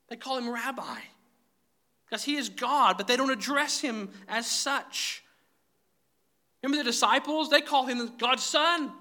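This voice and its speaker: A man's voice: very high-pitched, pushed and bright. A man preaching a sermon, emphatic and direct, often calling his listeners "guys". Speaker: pastor.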